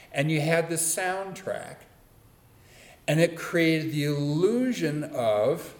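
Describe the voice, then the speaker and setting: A man giving a dharma talk to a live group, conversational and playful, with relaxed asides. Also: on the high side. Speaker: dharma teacher. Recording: roomy echo.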